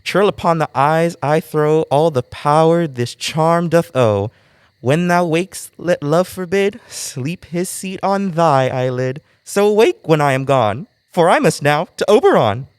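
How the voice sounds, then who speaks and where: A man's voice: on the high side, expressive, a little slow, smooth, no room sound. An actor playing a mischievous male sprite in a college stage play, speaking in playful rhymes. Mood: impish.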